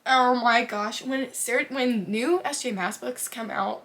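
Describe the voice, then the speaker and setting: A woman's voice: on the high side, measured pace, a bit bright. A young woman talking casually to camera about favorite books, gushing and emotional, swearing freely and trailing off into restarts. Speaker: book vlogger.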